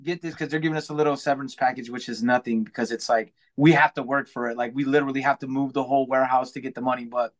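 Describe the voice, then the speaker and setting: A man's voice: mid-range voice, fairly even intonation, very fast, few pauses. A man chatting casually as a podcast guest, upbeat and rambling, full of "like" fillers. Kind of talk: casual chat.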